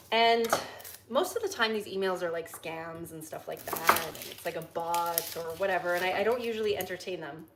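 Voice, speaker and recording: A woman's voice: mid-range voice, heavy background noise. Chatty young woman cooking on a livestream. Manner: chatty, laughing, reading chat questions. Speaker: livestream host. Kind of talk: casual livestream chat while cooking. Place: home kitchen.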